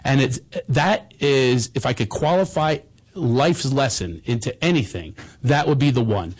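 A man's voice: medium pitch, expressive, unhurried, husky. A middle-aged man hosting a comedy show, telling rambling, self-deprecating personal stories in a bombastic, casual way. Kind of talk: casual chat and personal storytelling.

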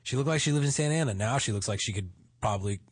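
Husky, blunt man in loose banter. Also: mid-range voice, very fast, no room sound, clean studio sound. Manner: blunt, animated, swearing. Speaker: podcast co-host. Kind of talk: crude casual banter.

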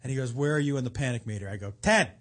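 A man telling a story in casual chat, animated and profane, acting out what others said. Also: mid-range voice, rapid-fire. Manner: animated, profane, acts out quotes.

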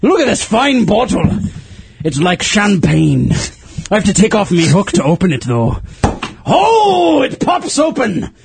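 A man hosting a comedy podcast as a boisterous pirate captain, in a put-on pirate brogue with loud, drawn-out exclamations. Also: sits high, huge pitch swings, creaky, noisy background, full character voice. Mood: hearty. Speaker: podcast host. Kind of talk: comedic pirate role-play.

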